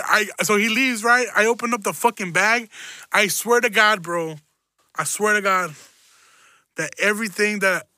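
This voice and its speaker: A man's voice: high voice, sharp tone, no echo. A young man from Chicago telling a personal story in a rambling, self-mocking way, laughing often and swearing freely. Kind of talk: casual profane storytelling.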